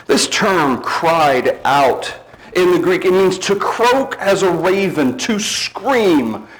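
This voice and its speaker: Male preacher, slightly high pitch; emphatic sermon delivery, slows for stress, drops low at phrase ends. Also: animated, low-quality recording.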